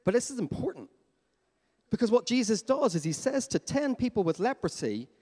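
A man's voice: high-pitched, normal speed, slightly rough. Guy pastor preaching, voice jumps all over, big echoey church hall. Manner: animated, asks the congregation questions. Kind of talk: sermon. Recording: long hall reverb.

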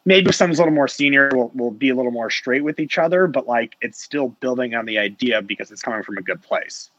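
A man's voice: medium pitch, animated, fast, a bit bright, dry recording, lo-fi sound. A man who manages sales reps, chatting casually on a panel and rambling with lots of filler words.

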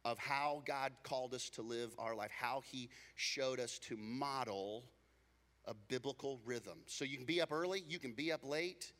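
A man's voice: mid-range voice, normal speed, a bit bright, in a large hall. A man preaching a sermon as a pastor, casual and joking, slipping into acted voices to tell everyday stories.

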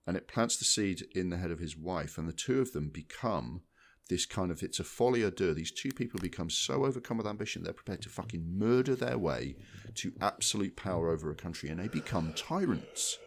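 A man's voice: sits low, a little fast. A man co-hosting a film podcast, talking at length in casual chat, with lots of restarts and repeated words. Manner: rambling, many restarts, animated. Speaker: podcast co-host.

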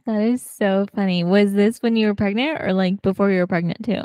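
A woman co-hosting a podcast in casual chat, talkative and quick to laugh. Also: medium pitch, steady tone, mellow, smooth, dry recording, clean studio sound. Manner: chatty, laughs often, many fillers. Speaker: podcast co-host.

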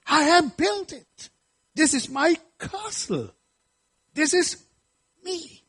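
A man voicing a proud, grandiose ancient king who brags in a high, strained voice. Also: expressive, takes it slowly, a bit bright, full character voice. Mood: boastful. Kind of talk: sermon.

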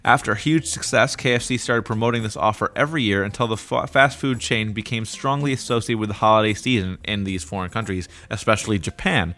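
A young man co-hosting a casual podcast chat, lively and animated. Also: on the low side, quick pace, few pauses. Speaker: podcast co-host.

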